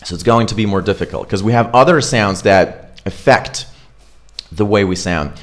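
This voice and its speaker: A man teaching English pronunciation in an online accent lesson, repeating example words slowly and chatting casually with fillers. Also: lowish voice.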